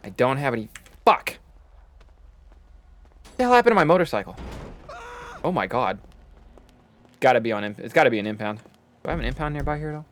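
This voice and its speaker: A man's voice: mid-range voice, sing-song, brisk, long pauses, fairly bright tone. Man muttering through a game stream. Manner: thinks aloud, muttering to himself. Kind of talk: casual stream commentary.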